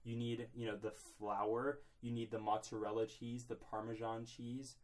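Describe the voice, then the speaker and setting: A man's voice: mid-range voice, level tone, normal speed, a little mellow. A young man co-hosting a podcast in a small closet, rambling mock-seriously with lots of filler words. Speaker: podcast co-host. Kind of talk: comedic casual chat.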